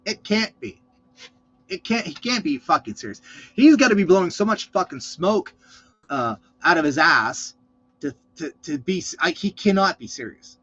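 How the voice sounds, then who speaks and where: Brief: husky-voiced man, lively up-and-down pitch, swears constantly, casual reaction vlog host, lo-fi sound. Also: moderate pace. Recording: lo-fi dull sound.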